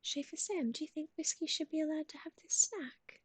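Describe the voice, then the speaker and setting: A young woman streaming live, whispering softly and cooing in baby talk to her dog while chatting with viewers. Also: high voice, a little fast, no room sound. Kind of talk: ASMR livestream chat.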